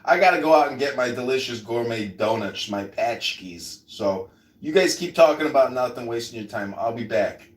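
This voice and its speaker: A man's voice: medium pitch, animated, normal speed. A man in a crude, joking group voice chat, sometimes breaking into a mock announcer voice. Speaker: chat room participant. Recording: echoey audio from far off mic.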